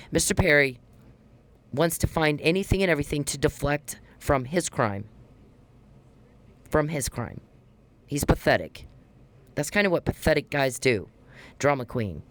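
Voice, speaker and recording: A woman hosting a podcast in a casual monologue, talking bluntly and heatedly, swearing often and repeating herself for emphasis. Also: low-pitched. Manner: blunt, profane, heated and repetitive. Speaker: podcast host.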